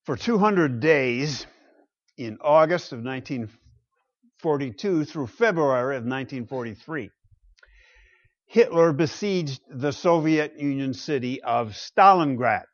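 A man preaching a sermon slowly and deliberately, reading scripture and telling history with dramatic pauses. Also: medium pitch, lively intonation, no room sound, lo-fi sound. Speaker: pastor.

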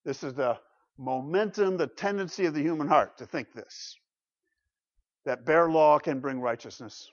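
Higher-voiced male preacher, dramatic delivery. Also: normal speed. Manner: dramatic, rhetorical, big swings in loudness. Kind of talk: sermon. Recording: dull lo-fi recording.

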